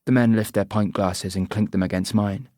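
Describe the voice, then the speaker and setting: Male audiobook narrator, dry and measured. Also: fairly low pitch, steady tone, dark tone, no echo. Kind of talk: first-person audiobook narration.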